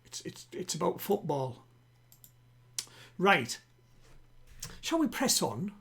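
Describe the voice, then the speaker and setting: A man hosting a live-streamed home quiz, chatting with players and reading each question twice, slowly. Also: high-pitched, wildly swooping pitch, gravelly, a bit bright, breathy edge. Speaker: quiz host. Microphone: home streaming setup.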